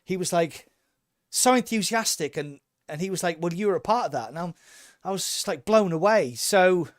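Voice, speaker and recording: Upbeat high-voiced man chatting on a podcast. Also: expressive, normal speed, dry recording, studio quality. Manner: enthusiastic, rambling with restarts. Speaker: podcast co-host. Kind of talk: casual podcast chat.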